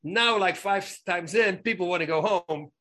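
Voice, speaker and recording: Speaking at normal speed in a high voice, this guest, once a fighter and now an actor, shares lively stories in a relaxed interview. He frequently starts sentences over and tosses in emphatic asides.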